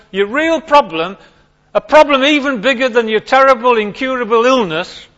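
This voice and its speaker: A man preaching a sermon to his congregation, emphatic and animated, repeating his key points. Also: high-pitched, lo-fi sound.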